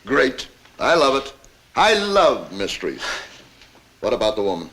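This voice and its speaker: An actor playing a sardonic police lieutenant in a 1960s TV crime drama. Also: male voice, mid-range voice, wildly swooping pitch, a little slow, fairly bright tone, exaggerated voice. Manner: dry and sardonic. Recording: faint hiss, old TV soundtrack.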